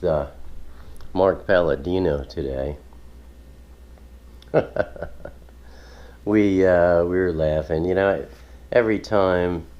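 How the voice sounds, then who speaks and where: Man, unhurried casual host, rambling with frequent chuckles; deep voice, dull lo-fi recording. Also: a little mellow. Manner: rambling, chuckling, many fillers. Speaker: ministry video host. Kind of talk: casual home video chat.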